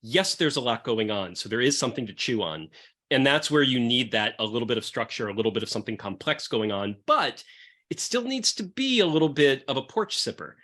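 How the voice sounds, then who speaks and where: A man's voice: medium pitch, sing-song, fairly quick, fairly bright tone. A man hosting a podcast, chatting loosely and profanely about wine. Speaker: podcast host pairing wines with comics. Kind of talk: casual chat.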